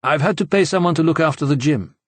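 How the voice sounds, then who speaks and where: A man voicing a dry, laconic young man with a deadpan manner. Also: a little high, fast talker, no echo, pitched above the performer's own voice, lightly acted.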